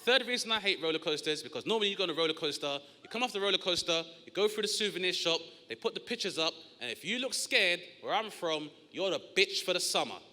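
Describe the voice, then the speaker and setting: Guy doing stand-up, bright lively voice bouncing around a big echoey theatre. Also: fairly quick. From South East London. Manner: animated storytelling with loud high-pitched put-on yelps. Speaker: stand-up comedian. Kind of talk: stand-up comedy set. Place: large comedy theatre on stage. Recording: long hall reverb.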